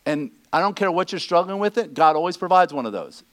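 A man preaching a sermon, animated, acting out the people he quotes. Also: a little high, fast. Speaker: pastor.

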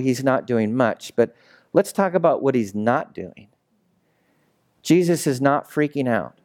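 A man's voice: mid-range voice, a little mellow. A man preaching a casual, chatty sermon, telling stories and asking the congregation questions. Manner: storytelling, chatty, asks the room rhetorical questions. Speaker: pastor.

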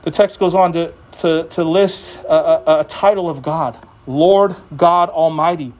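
A man's voice: fairly high pitch, measured pace, a little mellow. A male preacher giving a sermon in a conversational way, with jokes between the teaching. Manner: conversational and joking.

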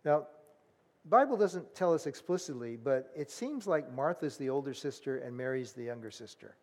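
A man preaching a sermon in a conversational, animated way, acting out the voices of people in the story. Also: mid-range voice, normal speed, big-room sound. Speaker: pastor.

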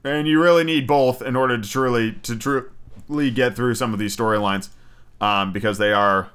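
Male podcast host, young adult, smooth clear voice, loose chatty delivery with frequent restarts. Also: mid-range voice, steady tone, normal speed, fairly bright tone. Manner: chatty, swears freely, restarts a lot. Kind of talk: casual solo podcast chat.

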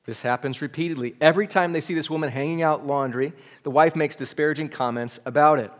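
Pastor guy preaching, chatty, keeps asking the room "right?", kinda high voice. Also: quick pace. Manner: conversational, asks the congregation "right?". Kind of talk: sermon. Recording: long reverb of a church hall.

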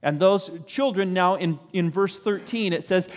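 Speaking in a high, unhurried voice with hardly any pauses, a pastor preaches in a conversational way. A long reverb tail follows his words. He keeps tossing in "right?" and briefly mimics parents and kids.

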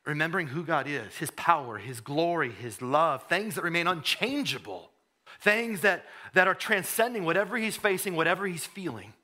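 A man preaching a sermon, conversational, repeating words as he goes, then rising to fervent emphasis and dropping to a hush. He says he has a cold. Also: on the high side, lively intonation, normal speed. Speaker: pastor.

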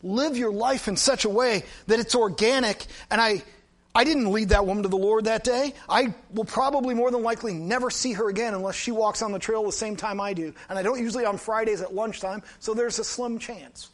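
A middle-aged male pastor with a notably high voice preaches in a relaxed, conversational way. He tells a personal story with lively asides, as if talking to friends. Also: fairly quick. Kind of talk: storytelling sermon.

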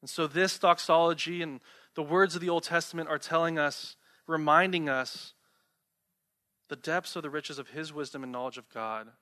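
Young male pastor, friendly conversational preaching, bright and a touch high. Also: moderate pace. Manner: conversational preaching with rhetorical questions. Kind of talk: sermon.

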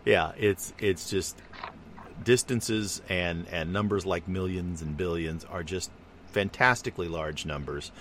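A man's voice: deep voice, measured pace, fairly bright tone, slight background noise. A man in casual conversation, musing at length and rambling through his explanations. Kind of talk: casual chat.

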